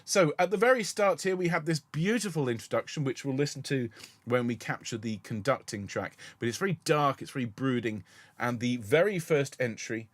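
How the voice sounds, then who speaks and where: Guy running a choir rehearsal, gentle and encouraging, dry close sound. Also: mid-range voice, moderate pace, no room sound. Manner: gentle and encouraging, explains patiently. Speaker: choir director.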